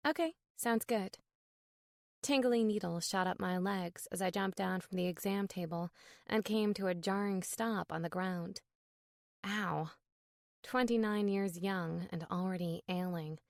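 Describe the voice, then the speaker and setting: A woman narrating a romantic comedy in first person, wry and brisk. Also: fairly low pitch, creaky, no echo, clean studio sound. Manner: wry, brisk, animated dialogue. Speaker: audiobook narrator.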